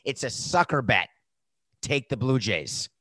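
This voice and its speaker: A man hosting a sports betting podcast, talking casually and animatedly, jumping between loud outbursts and muttered asides. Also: mid-range voice, lively intonation, measured pace, dry recording.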